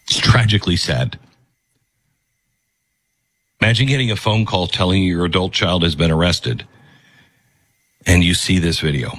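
A man's voice: low voice, moderate pace, pauses often. A man hosting a commentary show, talking emphatically and moralizing about a video clip he plays. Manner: emphatic, moralizing, animated delivery.

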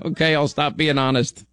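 A man's voice: on the high side, dry recording. A man hosting a call-in radio show, chatting and joking with callers in a rambling, friendly way. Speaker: radio talk show host.

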